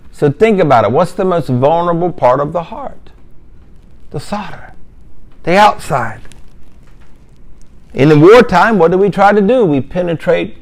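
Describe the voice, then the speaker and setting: Gravelly-voiced male Islamic lecturer. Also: on the high side, a little slow, pauses often. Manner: emphatic, repetitive, with storytelling asides. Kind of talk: religious lesson.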